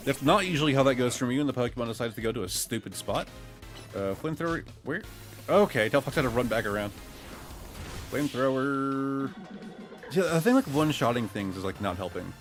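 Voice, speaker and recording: A man from Ohio gives casual play-by-play while streaming a game. His mid-pitched voice leaps up and down, swinging from mutters to excited outbursts. Faint game music plays behind him. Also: fairly quick. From Ohio, USA. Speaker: gaming streamer. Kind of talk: casual gameplay commentary.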